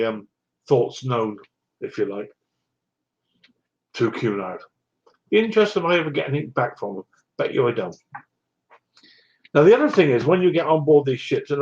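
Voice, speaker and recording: A man's voice: mid-range voice, a little mellow. Wry rambling older man, muffled sound. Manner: rambling, wry and self-mocking. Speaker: vlogger. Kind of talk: casual storytelling.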